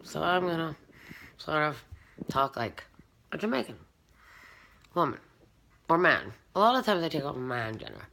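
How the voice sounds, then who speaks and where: A woman who was once a stand-up comedian, speaking in a casual, rambling, soft-spoken, self-deprecating monologue. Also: low-pitched, big pitch swings, normal speed, creaky, a little hiss or hum.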